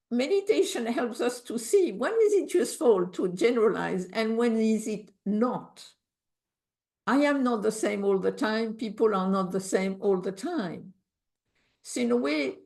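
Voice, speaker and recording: A woman's voice: on the high side, gravelly, a little mellow. A woman with a French accent, a meditation teacher thinking aloud as she leads an online group session, with small slips in her English grammar.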